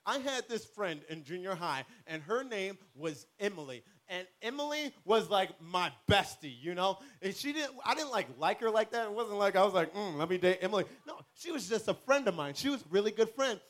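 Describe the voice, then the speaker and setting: A man's voice: high voice, normal speed, hardly any pauses. A man speaking at a youth camp, telling a comic personal story and acting out the voices in it. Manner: animated, acts out the voices in his stories.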